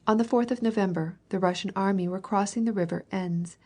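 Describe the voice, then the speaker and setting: A woman reading a classic novel aloud as an audiobook narrator, mostly even and unhurried, lifting her voice slightly for dialogue. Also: mid-range voice. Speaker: audiobook reader.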